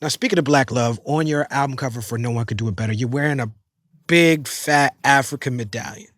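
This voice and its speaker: A middle-aged man hosting an interview, talking fast and enthusiastically in slangy casual speech with many restarts. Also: mid-range voice, a bit bright, no echo, studio quality. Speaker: podcast host.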